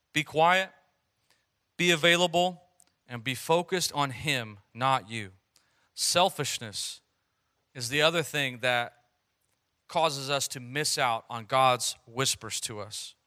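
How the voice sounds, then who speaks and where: A man's voice: mid-range voice, bright, forceful tone. A man preaching a sermon as a pastor, with earnest, rising and falling emphasis.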